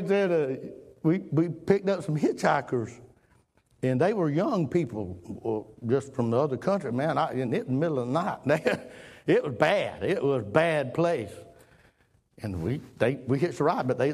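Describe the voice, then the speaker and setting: A man preaching a folksy sermon, swinging from loud emphatic lines to low murmurs.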